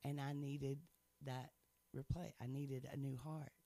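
A man's voice: mid-range voice, level tone, measured pace, vocal fry, warm tone. A man sharing his faith testimony in casual chat, earnest and playful, laughing often.

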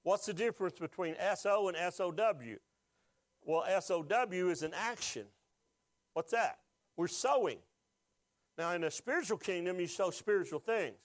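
A man's voice: high-pitched, lively intonation, normal speed, dry recording. A pastor preaching a sermon, asking the congregation questions and rising with emotion as he is moved.

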